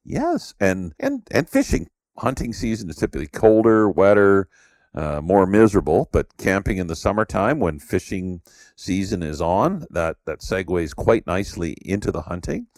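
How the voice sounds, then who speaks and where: A man's voice: low-pitched, sing-song, moderate pace, a little mellow, no room sound, studio quality. A middle-aged man from Canada, hosting a podcast and telling stories in a rambling way with lots of fillers. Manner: storytelling, rambling with many "you know" fillers. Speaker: podcast host. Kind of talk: casual conversation.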